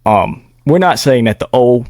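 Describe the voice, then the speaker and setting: A young man co-hosting a podcast in a casual sports debate, talking in a laid-back, measured way and dropping in "bro" and "man". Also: mid-range voice, lively intonation, darkish tone, no echo, studio quality. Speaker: podcast co-host.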